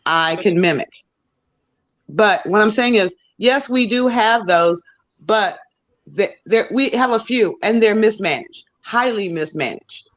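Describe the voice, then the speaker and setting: A woman's voice: mid-range voice, expressive, unhurried, highs cut off. An American woman on a podcast panel, arguing her case and explaining in numbered points. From United States. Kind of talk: heated panel discussion.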